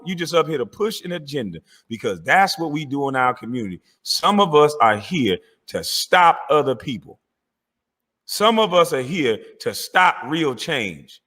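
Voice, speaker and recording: Man, mocking profane commentary, lively pitch, long reverb. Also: normal speed. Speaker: commentator reacting to clips. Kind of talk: heated commentary.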